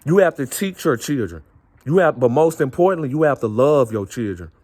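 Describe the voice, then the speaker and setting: A man's voice: mid-range voice, expressive, a little fast, darkish tone. Earnest man repeating himself passionately. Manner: earnest and repetitive, circling back on phrases. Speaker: vlogger. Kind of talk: impassioned personal monologue.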